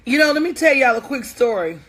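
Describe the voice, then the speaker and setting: A woman's voice: high voice, big pitch swings, fairly quick, fairly bright tone. A woman business coach talking casually to her online audience, folksy and candid, calling out viewers by name.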